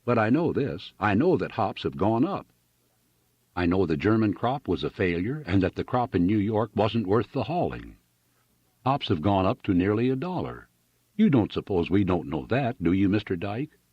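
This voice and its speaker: A dogged railroad clerk, blunt and unmoved, as a male reader puts him on. His low, husky voice stays flat and firm. The sound is dull and dry. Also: normal speed, dry recording. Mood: curt. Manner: blunt, stubborn.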